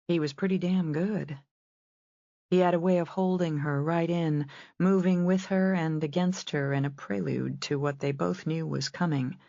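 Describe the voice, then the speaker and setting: A woman narrating a romance audiobook in a measured storytelling style. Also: low-pitched, steady tone, creaky, mellow, no room sound, highs cut off. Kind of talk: scripted narration.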